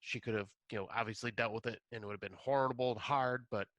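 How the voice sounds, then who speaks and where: Bright-toned man, dry close recording. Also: medium pitch, steady tone, quick pace, dry recording. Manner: agreeable, hedging, acts out dialogue in a raised voice. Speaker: podcast co-host. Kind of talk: casual chat.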